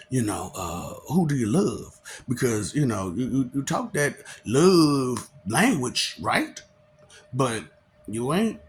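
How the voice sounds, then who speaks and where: Gravelly, chuckling man lecturing the camera. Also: on the high side, a little hiss or hum. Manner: chuckling, rhetorical, repetitive. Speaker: vlogger. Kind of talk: casual preachy monologue.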